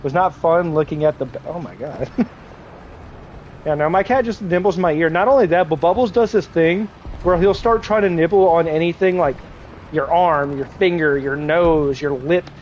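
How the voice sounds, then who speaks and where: Male streamer, 20s, higher-pitched, casual crude banter with chat. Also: normal speed, darkish tone, muffled recording, a little hiss or hum. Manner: crude joking, laughs often. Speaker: game streamer. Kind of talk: casual livestream chat with viewers.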